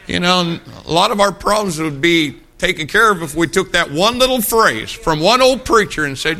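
A man's voice: on the high side, lively intonation, moderate pace, few pauses, bright, forceful tone. A middle-aged man preaching a sermon, telling folksy stories and asking rhetorical questions.

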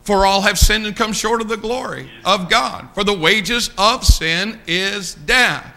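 A man's voice: high voice, a little slow, gravelly, bright, forceful tone. A man preaching a sermon, repeating key lines and swelling suddenly in volume.

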